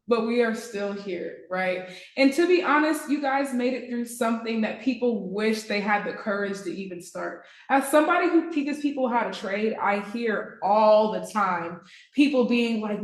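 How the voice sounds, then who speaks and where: A woman's voice: fairly high pitch, roomy sound. A woman trading mentor speaking casually to her graduating students, chatty and playful, often laughing. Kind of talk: casual livestream address to students.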